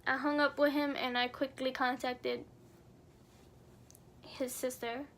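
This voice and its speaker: A woman's voice: sits high, level tone, takes it slowly, fairly bright tone. A young adult woman vlogger telling a personal story in an earnest, somber way, full of casual fillers. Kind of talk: storytime narration.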